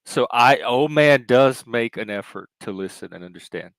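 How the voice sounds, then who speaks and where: A man mediating a casual livestream debate, speaking in a measured, hesitant way. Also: medium pitch, lively intonation, fairly bright tone, no room sound, rough recording. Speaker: panelist.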